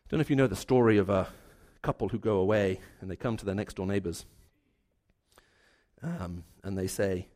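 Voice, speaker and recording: A man preaching a sermon, earnest and building his points through repeated phrases, dropping to a hushed voice for his stories. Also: fairly low pitch, moderate pace.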